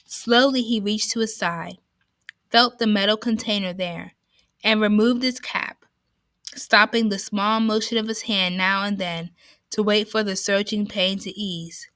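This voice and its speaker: A woman reading a novel aloud in a slow, careful way, with a few small slips. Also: medium pitch, fairly even intonation, a bit bright, dry recording.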